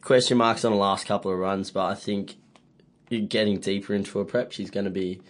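A man's voice: fairly low pitch, fairly even intonation, a little fast. Easygoing radio tipster man. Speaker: sports radio co-host and tipster. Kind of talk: casual sports banter.

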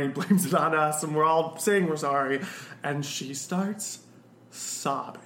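A young man spins a rambling, animated anecdote full of fillers and restarts. His voice is bright and a little high. The room is echoey with a faint hiss behind him. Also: moderate pace. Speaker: guest. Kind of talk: casual storytelling chat.

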